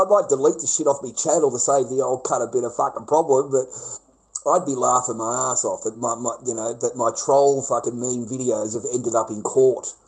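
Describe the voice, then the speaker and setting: A man with an Australian accent holds forth in a sneering, swear-filled rant, mocking the people he complains about. He stretches some words out slowly for weight, and his pitch sits in an ordinary middle register. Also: steady tone, low-quality recording. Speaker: vlogger. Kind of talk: profane ranting monologue.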